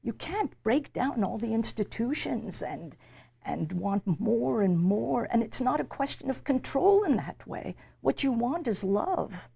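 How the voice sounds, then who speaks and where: A woman's voice: fairly high pitch, very animated, unhurried, creaky, dark tone, breathy edge. An older woman being interviewed, speaking emphatically and reflectively and often repeating words as she searches for a phrase. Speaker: interviewee, literature professor. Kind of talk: reflective conversation.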